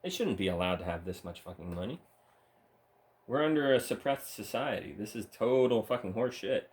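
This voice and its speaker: A man's voice: on the low side, animated, brisk, a little mellow. A man delivering a solo monologue, ranting with scorn and a lot of swearing. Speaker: channel host.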